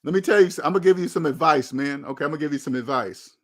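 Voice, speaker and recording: A man's voice: a little high, racing. A man, hosting his own channel and giving blunt, emphatic advice in a candid monologue, often repeating phrases for stress. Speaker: channel host.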